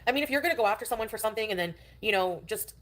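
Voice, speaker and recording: A woman's voice: a little high, animated, rapid-fire, fairly bright tone. A woman chatting casually on a livestream, rambling and defensive, with many fillers.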